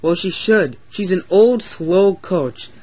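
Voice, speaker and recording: A man voicing a rude, impatient female tank engine who snaps orders in a raised, higher voice. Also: lively intonation, takes it slowly, darkish tone, full character voice. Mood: dismissive. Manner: pushy, snapping orders.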